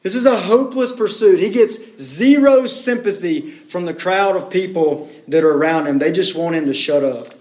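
A man with a notably high voice preaching a sermon, his delivery swinging from hushed, low lines to loud, raised cries. The sound is roomy and echoey. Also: normal speed, hardly any pauses. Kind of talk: expository sermon.

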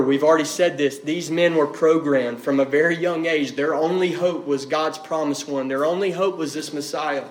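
Emphatic preacher man, echoey room. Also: on the high side. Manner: emphatic, repeats key phrases for weight. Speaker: pastor. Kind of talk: expository sermon.

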